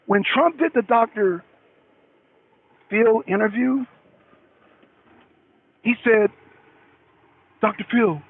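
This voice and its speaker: Gravelly high-voiced man on tinny audio. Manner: rambling, addresses viewers by name, repeats himself. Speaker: livestream talk show host reading chat. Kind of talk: casual livestream chat. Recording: tinny phone-like audio with faint noise.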